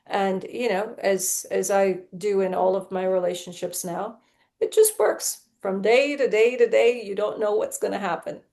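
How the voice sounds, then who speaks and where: Expressive woman telling her story. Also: medium pitch, moderate pace, creaky. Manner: expressive storyteller who acts out past conversations. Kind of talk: conversational podcast talk.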